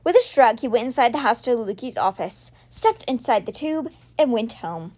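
A woman hosting a podcast, reading a children's novel aloud with expressive storytelling. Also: fairly high pitch, moderate pace. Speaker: podcast reader.

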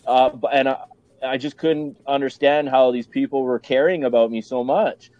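A man's voice: medium pitch, fairly even intonation, moderate pace, darkish tone, no echo, dull audio. A man with a Canadian accent, a podcast guest telling his story bluntly and candidly, swearing freely and restarting often.

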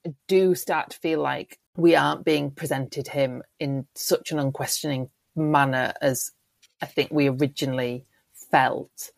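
A young woman co-hosting a podcast, speaking in a measured, thoughtful way with some hesitations. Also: extremely low pitch, fairly even intonation, gravelly, no room sound. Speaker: podcast co-host. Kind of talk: casual chat.

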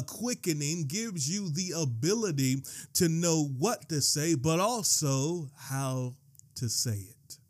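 A man preaching a sermon. His voice sits a bit high, and he drags quoted verses out slowly. He repeats key lines for emphasis. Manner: dramatic pauses and slowed quotations, building to shouting; repeats and rereads phrases for emphasis.

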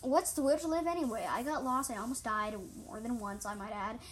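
A woman's voice: a little high, moderate pace, a little hiss or hum, lightly acted. A woman voicing a young female apprentice cat in a read-aloud story, stumbling and restarting now and then. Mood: agitated. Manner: excited outbursts, reading slips.

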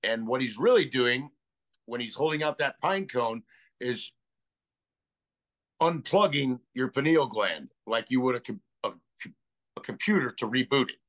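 A man's voice: mid-range voice, animated, unhurried, pauses often, fairly bright tone, poor audio. An American man as a podcast guest, talking casually and rambling through ideas with many restarts. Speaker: guest researcher.

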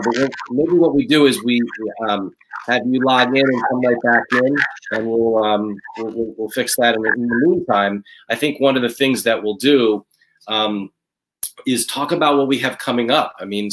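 A man's voice: medium pitch, noisy background. Rambling man hosting an online series. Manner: rambling, repetitive, upbeat promoting. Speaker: host of a leadership interview series. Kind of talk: hosting a live online interview.

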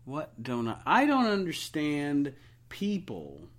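A woman's voice: sits low, wildly swooping pitch, slow pace. A woman co-hosting a casual home podcast, joking around and fond of doing silly voices. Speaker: podcast co-host. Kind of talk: casual chat. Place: living room at home.

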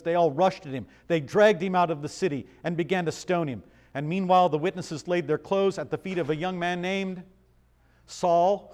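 Guy preaching a casual bible study, reads verses out loud, kinda higher voice. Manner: conversational, asks the room questions, reads passages aloud. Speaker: pastor.

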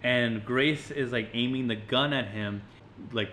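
A man's voice: medium pitch, unhurried, roomy sound, a little hiss or hum. A young man co-hosting a podcast, chatting casually about a film with lots of laughs and swearing. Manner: animated, laughing, swears a lot. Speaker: podcast co-host. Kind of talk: casual movie chat.

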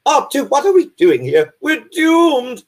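Role: a fussy male protocol robot. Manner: prim, proper, fretful. Pitch: very high. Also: wildly swooping pitch, a little slow, heavily acted.

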